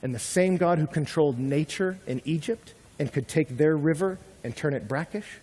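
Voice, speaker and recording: A young man preaching a sermon with animated delivery, acting out quoted complaints. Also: on the high side, normal speed. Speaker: pastor. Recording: long hall reverb.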